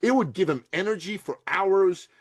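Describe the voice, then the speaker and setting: A middle-aged man from Iran, telling stories in an interview with lively delivery, acting out other people's voices and laughing often. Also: sits high, normal speed, breathy edge, no echo. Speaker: podcast guest, entrepreneur. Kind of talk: animated storytelling interview.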